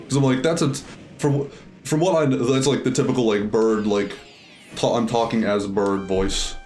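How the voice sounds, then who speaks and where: Over soft background music, a streamer talks casually as he plays a video game, thinking aloud with plenty of fillers. His mid-range voice is a little mellow, with fairly even intonation and normal speed.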